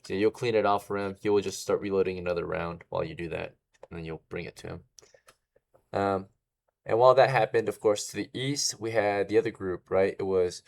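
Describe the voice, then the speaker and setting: A man with a low, gravelly voice narrates as game master at a moderate pace. His style is casual, and he often tags his lines with "right?" to check in.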